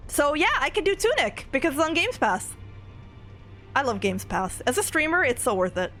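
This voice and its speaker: Giggly high-voiced woman streamer. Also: big pitch swings, a little fast, fairly bright tone, faint music behind. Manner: chatty, giggly, rambling with restarts. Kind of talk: casual chat with stream chat.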